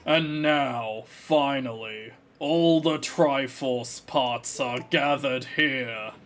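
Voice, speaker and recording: A man doing a slow, gloating evil king. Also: medium pitch, fairly bright tone. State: slight frog in the throat. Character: menacing male evil king villain, gloating.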